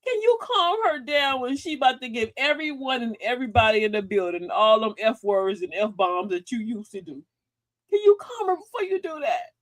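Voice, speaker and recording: A woman's voice: a little high, sing-song, normal speed, no echo. A middle-aged woman hosting a casual livestream talk, folksy and sassy, preaching advice and laughing often. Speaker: livestream host.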